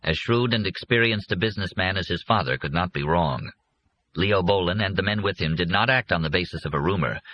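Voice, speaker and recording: A man reading a novel aloud as an audiobook narrator in a steady storytelling way. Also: low voice, no echo. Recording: muffled lo-fi recording.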